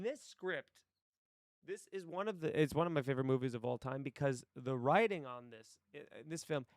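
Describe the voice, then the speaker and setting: A man chats casually on a live stream, rambling from thought to thought and cursing freely. His voice is smooth and clear at a mid pitch, recorded close and dry on a desk mic. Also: dry recording. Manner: rambling, stream-of-consciousness talk, swearing freely. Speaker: streamer and actor. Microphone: desk mic with headphones.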